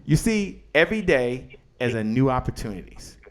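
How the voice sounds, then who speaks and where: A man's voice: medium pitch, very animated, normal speed. A man hosting a live motivational business show, talking with energy and chanting the same lines over and over like a preacher. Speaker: host.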